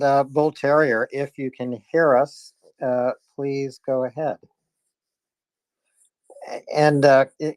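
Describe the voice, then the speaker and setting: A man hosts a live online audio chat, halting and full of fillers as he calls on speakers and sums up the news. His voice is mid-pitched and dry, close to the mic. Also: darkish tone, no echo. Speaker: host.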